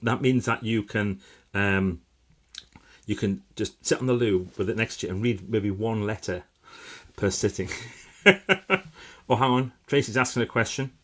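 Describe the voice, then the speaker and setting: Middle-aged guy chatting on a live stream, kinda low voice, upbeat and rambly. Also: normal speed, pauses often. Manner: chatty and upbeat, with frequent fillers and bursts of enthusiasm. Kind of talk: casual live-stream chat reading out viewer comments.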